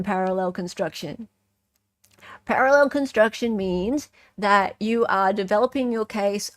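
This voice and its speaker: A woman's voice: mid-range voice, no room sound. Sarcastic Australian woman with a dry voice. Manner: animated, sarcastic, keeps asking "right?". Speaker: true-crime commentary host. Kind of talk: casual livestream commentary.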